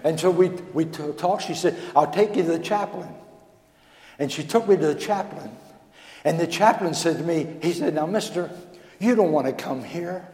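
A male pastor telling a folksy, animated story in a sermon, acting out the dialogue. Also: fairly high pitch, moderate pace. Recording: echoey hall with long reverb.

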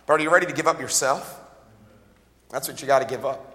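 A man's voice: mid-range voice, quick pace, long reverb tail. A man preaching a sermon as a pastor in an auditorium, emphatic and folksy, calling out to the congregation with joking asides. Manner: emphatic, call-and-response preaching with rising shouts. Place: large auditorium.

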